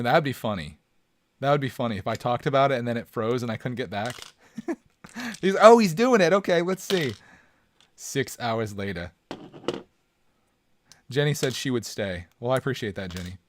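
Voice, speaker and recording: A man's voice: medium pitch, fairly quick, a little hiss or hum. A man hosting a casual live stream from home, joking around and chatting with his viewers.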